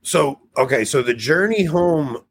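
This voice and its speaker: Casual podcast host, male, husky tone, lively rambling delivery. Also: fairly high pitch, unhurried, no echo. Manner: rambling, animated, laughs at himself. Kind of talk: casual chat.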